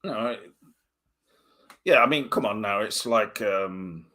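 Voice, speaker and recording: A man co-hosting a casual livestream chat, rambling and halting, often trailing off into mumbles. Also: lowish voice, sharp tone. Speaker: co-host.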